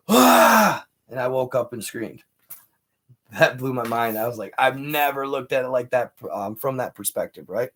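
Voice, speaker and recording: A man's voice: mid-range voice, gravelly. A man hosting a casual livestream, rambling through a personal story with lots of fillers and restarts. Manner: rambling, filler-heavy, animated retelling. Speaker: livestream host.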